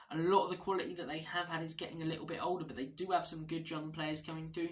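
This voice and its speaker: A man's voice: fairly high pitch, fairly even intonation, fast, hardly any pauses, poor audio. A man hosting a casual football predictions vlog, chatty, blunt and opinionated. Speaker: football channel host.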